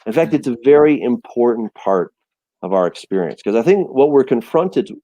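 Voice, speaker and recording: A man in a casual Bible discussion, animated and storytelling, often repeating words as he restarts. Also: mid-range voice, moderate pace, dry recording. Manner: animated storytelling, acts out voices and quotes. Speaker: teacher of a Bible study show.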